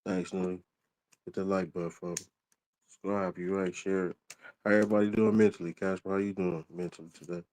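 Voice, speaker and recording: Deep-voiced laid-back man hosting a livestream. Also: level tone, fairly quick, a little mellow, poor audio. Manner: laid-back, reads viewer comments aloud, slangy. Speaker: livestream host. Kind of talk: casual livestream chat.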